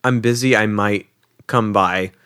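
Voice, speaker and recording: A young man tells a story on a podcast in an easy, loose way, full of "like" and casual swearing. His voice sits a bit low, and it jumps up sharply whenever he acts out someone else. The recording is close and dry. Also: measured pace, clear, resonant tone, no room sound. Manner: animated, acts out quoted people with jumps in pitch. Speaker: podcast co-host.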